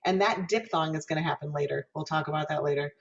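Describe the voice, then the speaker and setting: A woman professor teaching singing diction with a somewhat low voice, patiently explaining and then voicing each vowel sound herself. She often asks the class questions. The recording is dull and muffled, like online lecture audio. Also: fast, creaky. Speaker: music education professor.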